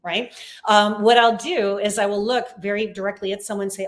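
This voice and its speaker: A woman's voice: medium pitch, fairly even intonation, a little fast. A woman, a psychic medium, talking casually in an interview over a video call and telling stories with plenty of fillers. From Canada. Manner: chatty, warm storytelling with many fillers.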